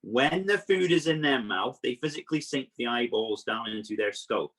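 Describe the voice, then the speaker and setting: A man with a husky voice talks children through facts about the animals he keeps. He explains things in a lively, playful manner, full of asides. He is heard through a video call. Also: mid-range voice, normal speed. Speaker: exotic animal presenter. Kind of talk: live online animal workshop for children.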